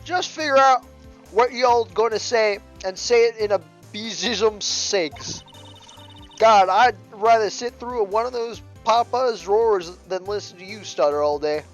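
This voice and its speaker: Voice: medium pitch, measured pace, dull audio, faint music behind, pitched above the performer's own voice, close to an everyday voice. A player voicing a brash Southern woman photographer in a video game, reading her lines with a put-on Southern drawl and a scolding, indignant manner. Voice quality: twangy drawl with y'all. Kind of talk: reading game dialogue aloud.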